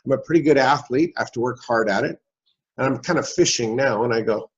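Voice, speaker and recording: A man in his sixties tells a long story as an interview guest and slips into the voices of the people in it. His voice sits at an average pitch. The recording sounds a little dull and lo-fi. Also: fast talker. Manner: animated storyteller, acts out dialogue. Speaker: guest, real estate investor.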